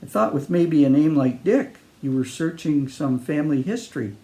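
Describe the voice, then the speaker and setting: A man's voice: fairly high pitch, animated, moderate pace, dark tone. A man voicing a tall, friendly Australian drifter who talks easily to a stranger in a breezy, chummy way.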